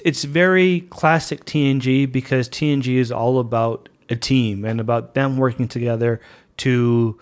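A male podcast host talking casually and enthusiastically as a fan. His voice sits in a middle register, and he rambles along in a chatty way. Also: medium pitch. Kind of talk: casual monologue.

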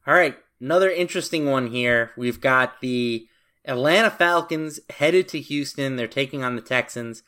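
A man co-hosting a sports betting podcast, giving his picks in a confident, brisk manner with casual fillers. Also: medium pitch, pushed and bright. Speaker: podcast co-host.

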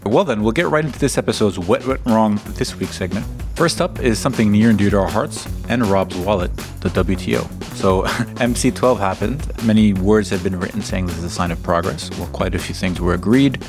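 Man, 30s, podcast co-host, low pitch, playful banter, faint music. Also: fairly quick, few pauses. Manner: jokey, rambling pop-culture references.

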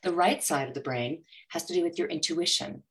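A woman who is a money coach, speaking as a guest in an interview and acting out inner voices with animated energy. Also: lowish voice, brisk. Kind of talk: motivational interview talk.

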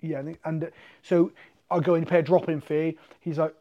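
A man from the UK, a guest telling animated, swear-filled stories in a casual chat. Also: on the high side, brisk, dull audio. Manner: animated, swearing, acts out quotes. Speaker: podcast guest, MMA fighter.

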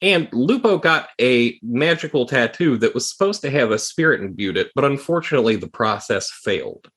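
Male game master narrating, calm and descriptive, mid-range voice. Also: medium pitch, normal speed, husky.

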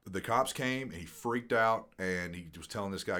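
Deep-voiced man telling wild stories. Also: normal speed. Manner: animated storyteller, profane, laughs often. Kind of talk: casual chat, storytelling.

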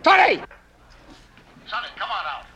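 An actor playing a harried male police officer, shouting urgently in a film scene. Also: extremely high pitch, big pitch swings, a little fast. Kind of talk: film dialogue. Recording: noisy film audio clip.

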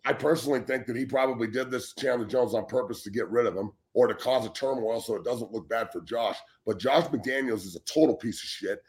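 A man in his forties, a former football player and show guest, ranting bluntly and with heavy swearing, often restarting his words. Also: medium pitch. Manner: blunt, heated and heavily profane; repeats words when starting sentences. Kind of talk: casual sports talk show rant.

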